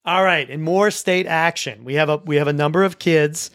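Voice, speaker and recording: A man's voice: fairly high pitch, normal speed, no room sound, studio quality. A man hosting a school sports show, chatting casually through results and often restarting his sentences. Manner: relaxed, with frequent restarts and repeated words. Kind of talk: casual sports recap chat.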